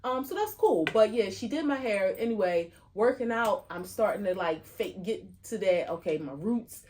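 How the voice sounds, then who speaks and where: A woman co-hosting a podcast in casual chat, talking in a chatty, animated way with lots of fillers. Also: mid-range voice, normal speed, slight background noise. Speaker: podcast co-host.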